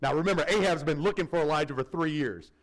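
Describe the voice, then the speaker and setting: A man preaching a sermon as a pastor, telling the story in an animated, conversational way with asides to the congregation. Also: on the high side, fast talker, a crowd in the background, low-quality recording.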